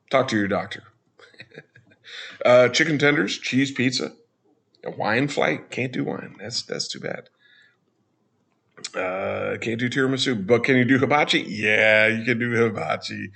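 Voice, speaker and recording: A man's voice: lowish voice, creaky, fairly bright tone. A man talking casually over a walkthrough as a travel vlogger, chatty, with joking asides.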